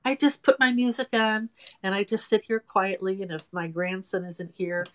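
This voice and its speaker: A woman's voice: medium pitch, steady tone, normal speed. A woman in her sixties, a guest chatting casually and self-deprecatingly about her work as a home nail technician. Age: 60s. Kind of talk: casual interview chat.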